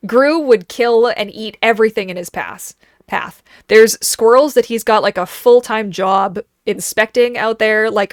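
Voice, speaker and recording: A woman in her thirties streaming and chatting casually, telling animated stories and acting out the voices of people and her dogs. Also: fairly high pitch, measured pace, no echo, studio quality. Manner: animated storyteller, acts out quoted voices. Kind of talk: casual chat.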